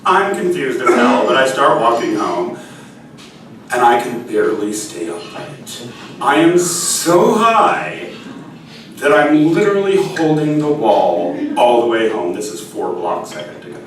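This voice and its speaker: Slow, animated male storyteller on stage. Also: mid-range voice, recorded from a distance, a little hiss or hum. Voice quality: animated, self-mocking delivery. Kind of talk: live stage storytelling with songs. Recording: echoey stage audio from afar with music.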